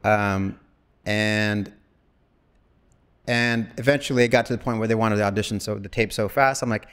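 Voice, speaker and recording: An actor in his forties from Wyoming, USA, appears as a guest in a casual interview, his fairly low voice clean in tone and moderately paced. He rambles animatedly through stories, acting out bits of quoted dialogue.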